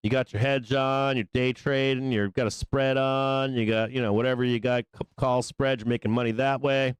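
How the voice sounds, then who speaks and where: A man hosting a live stock market show, talking through trades in a loose, profane, excitable way. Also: medium pitch, normal speed, clear, resonant tone, no echo. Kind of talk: live trading commentary.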